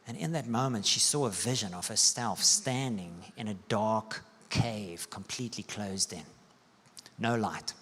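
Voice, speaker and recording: A male pastor preaching a sermon, telling stories with sweeping rises and soft, hushed dips. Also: on the low side, unhurried, breathy edge. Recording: long church-hall reverb.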